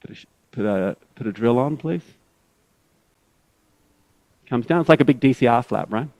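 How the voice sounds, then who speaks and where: A man's voice: medium pitch, expressive, moderate pace, a little mellow, no echo, rough recording. A man, a surgeon, giving step-by-step teaching commentary during a live operation, often checking in with tag questions.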